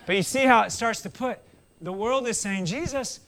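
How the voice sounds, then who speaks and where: High gravelly-voiced man preaching. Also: normal speed, a little hiss or hum. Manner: animated storytelling, acts out quotes, wry asides. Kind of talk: conversational sermon.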